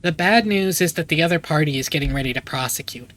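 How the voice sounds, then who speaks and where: A man reading the lines of a formal male lawyer giving a report by phone in a game, in a measured tone. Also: fairly high pitch, fairly bright tone, a little hiss or hum, lightly acted, rough recording. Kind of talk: reading game dialogue aloud.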